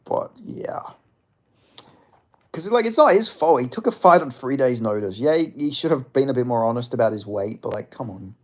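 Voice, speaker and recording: A man's voice: mid-range voice, animated, fast talker, few pauses. Man, casual livestream chat, rambling, reads chat aloud, mock apologies. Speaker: livestream host.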